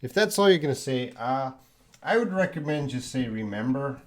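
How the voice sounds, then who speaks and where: The Canadian man's mid-range voice has lively intonation as he answers questions during his English-teaching live stream. Patient throughout, he repeats words slowly for those learning.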